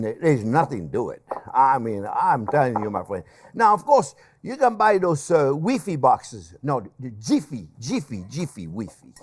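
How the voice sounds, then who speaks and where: Older chef guy talking viewers through a recipe, chatty, jokes at himself, bouncy voice. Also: a little high. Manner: chatty, animated, laughs at himself, calls viewers friends. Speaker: chef and cooking show host. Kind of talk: casual cooking demonstration.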